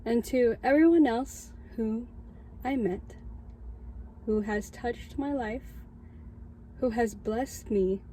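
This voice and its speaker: Slow, mellow young woman sharing testimony. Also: on the high side, slight background noise, poor audio. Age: young adult. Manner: heartfelt, tearful, laughing. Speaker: student chaplain. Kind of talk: personal testimony, casual. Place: in her car at night. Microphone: camera in a car.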